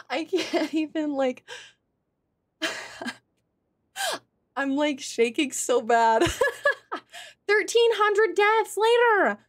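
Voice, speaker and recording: High-voiced excitable woman streamer. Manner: excitable, swears a lot, talks to chat. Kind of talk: live gameplay commentary.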